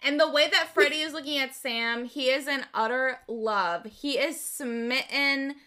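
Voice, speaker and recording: Casting: high, bright woman co-host, brash and lively, podcast mic. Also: measured pace. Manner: animated, swears freely, acts out quotes. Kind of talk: casual rewatch podcast chat. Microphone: headphones and podcast mic.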